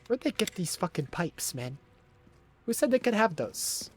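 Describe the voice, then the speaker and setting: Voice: medium pitch, very animated, unhurried, a little hiss or hum. A live game streamer commenting on gameplay, swearing freely, complaining dramatically and laughing often.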